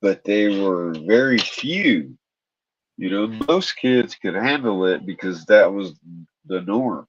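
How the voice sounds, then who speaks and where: A man's voice: on the low side, lively intonation, takes it slowly. A middle-aged man in casual conversation, talking bluntly about toughness and swearing often. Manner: blunt, tough-love talk with frequent swearing. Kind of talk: casual chat. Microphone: video call. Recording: dull, dry lo-fi mic.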